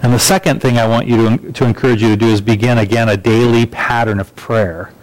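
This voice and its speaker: A man preaching a sermon as pastor, measured and emphatic, building lines through repetition. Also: mid-range voice, fairly even intonation, poor audio.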